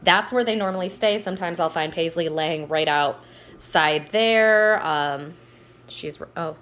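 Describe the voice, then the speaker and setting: A woman in her thirties, chatting casually at home as she walks between rooms and shows how she trains her dogs, with loose fillers and restarts and sweet high baby talk for the dogs. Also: measured pace, fairly bright tone. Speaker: dog trainer. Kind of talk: casual instructional vlog.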